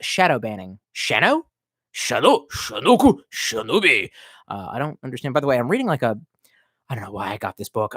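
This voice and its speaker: During a casual live stream, a man rambles, swears freely and reacts to viewer comments as they arrive. The recording is dry, and his medium-pitched voice has a fairly bright tone.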